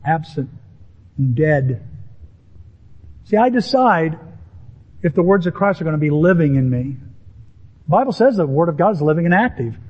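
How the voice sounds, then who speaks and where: Emphatic male pastor mid-sermon, fairly high voice, dull recording. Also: moderate pace, pauses often, husky. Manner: animated, emphatic preaching with rising pitch on key words. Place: church sanctuary with a congregation.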